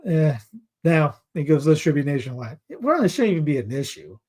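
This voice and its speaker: Fairly high-pitched and a little mellow, the middle-aged North Carolina host speaks fairly quickly with big swings in pitch. On his casual news commentary show he reads headlines aloud, mocks them sarcastically, and goes off on rambling asides while finding clips.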